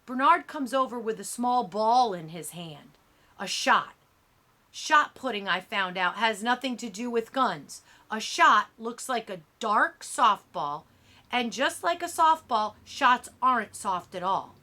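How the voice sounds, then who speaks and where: Woman audiobook narrator, first-person reading, bright, slightly high voice, expressive. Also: unhurried. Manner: expressive, youthful storytelling.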